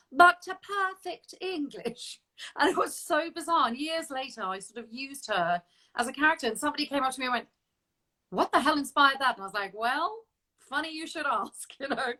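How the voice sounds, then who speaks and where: A woman's voice: high-pitched, bright, forceful tone, low-quality recording. A woman hosting an interview, chatty and laughing often. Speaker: host. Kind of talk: casual interview chat.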